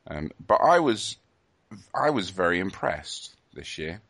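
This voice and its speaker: A man's voice: sits low, big pitch swings, a little slow, a bit bright. A man hosting a podcast in casual chat, playful and teasing, often laughing. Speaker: podcast host.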